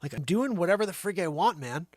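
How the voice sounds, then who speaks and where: A man hosting a show, doing an improvised comic monologue that swings from loud bursts to hushed asides. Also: sits high, animated, fast talker, no echo, clean studio sound. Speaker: comedy show host.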